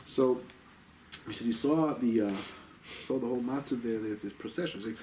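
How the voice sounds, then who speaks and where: A man teaching a Torah class as a rabbi, telling stories excitably, dropping in Yiddish and Hebrew terms and acting out the people in them. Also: fairly quick. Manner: excitable, acts out quoted people with sudden jumps in pitch. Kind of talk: animated storytelling Torah class. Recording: distant mic with faint background noise.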